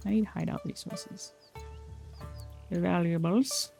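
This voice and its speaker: A woman's voice: lowish voice, steady tone, slow pace, gravelly, mellow, faint music behind. A woman streaming a game in casual commentary, thinking aloud, reading game text out and repeating words back.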